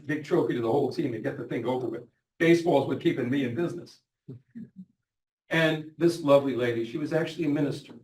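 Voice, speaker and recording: A man's voice: a little high, darkish tone. A middle-aged man giving a lecture, earnestly retelling patients' stories in their own words. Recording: echoey hall, mic at a distance, faint noise.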